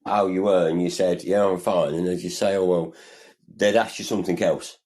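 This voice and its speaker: A man co-hosts a podcast in casual chat. His voice sits low and warm, and he talks in an earnest, meandering way, circling back on his own points. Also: steady tone, moderate pace, low-quality recording. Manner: earnest, rambling, often says "you know" and "like". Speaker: podcast co-host.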